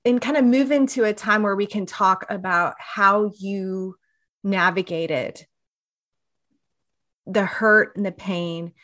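A woman's voice: mid-range voice, takes it slowly, a bit bright. A woman hosting an interview, asking questions and sharing her own experience in an empathetic way. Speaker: podcast host. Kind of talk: interviewing, casual chat.

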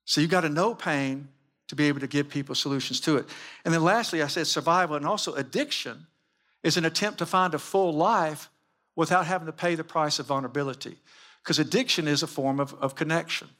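A man's voice: on the high side, fairly quick, a bit bright. A man giving a sermon-style teaching with slides, emphatic and full of repeated rhetorical questions. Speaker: Christian teacher.

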